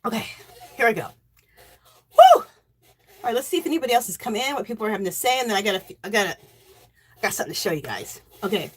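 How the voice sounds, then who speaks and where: A middle-aged woman hosting a casual livestream, emotional and teary, thanking viewers by name and cheering with loud whoops. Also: on the high side, big pitch swings, fast, long pauses, husky. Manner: thanks donors warmly by name. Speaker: livestream host.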